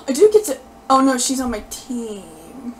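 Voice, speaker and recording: A woman with a high, very lively voice narrates her own gameplay, swinging from unhurried asides to excitable yelling and begging at the screen. She plays and comments at once, with a faint hiss of noise behind her. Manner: excitable, yelling and pleading at the game. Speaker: gaming video creator.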